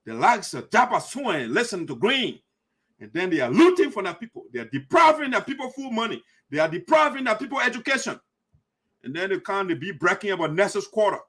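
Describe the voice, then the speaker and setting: A man from Liberia, hosting a diaspora community show and delivering impassioned, accusatory political commentary, repeating himself for emphasis and sometimes shouting. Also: sits high, sing-song, brisk, husky.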